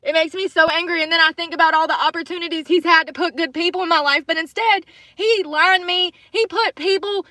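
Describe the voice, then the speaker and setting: Bright-voiced woman ranting in anger. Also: extremely high pitch, fairly even intonation, fairly quick, few pauses, no room sound. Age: adult with children. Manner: angry, swearing, repeating herself. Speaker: livestreamer. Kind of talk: emotional livestream rant. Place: in her car.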